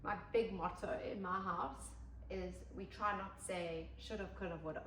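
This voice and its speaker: A woman co-hosting a podcast in casual chat, brisk and upbeat with quick agreeing asides. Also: lowish voice, fairly even intonation, a bit bright. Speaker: podcast co-host. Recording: roomy, distant mic, faint noise.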